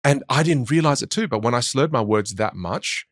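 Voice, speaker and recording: A man's voice: mid-range voice, normal speed, dry recording, studio quality. An Australian man, a communication coach, talking in an interview and telling stories with voices. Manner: animated storytelling, puts on voices. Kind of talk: conversational interview.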